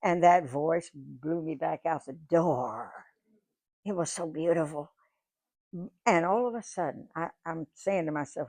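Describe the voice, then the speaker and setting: An elderly woman in her nineties, talking to an audience in a folksy, rambling way. Her voice has a gravelly rasp. She keeps circling back and restarting her sentences, and the sound is dry and close. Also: deep voice, a little slow, a little mellow, dry recording. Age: 90s. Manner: chatty, folksy, repeats words and restarts often. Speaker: guest speaker, singer. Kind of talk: storytelling to a live audience. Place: museum lecture room.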